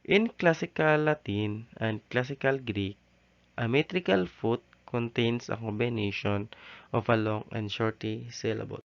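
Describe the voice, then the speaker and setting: A male teacher giving a recorded lesson, halting often with "okay" and "so". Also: mid-range voice, creaky. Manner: slow, halting delivery with frequent "okay" and "so". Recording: dull, lo-fi recording.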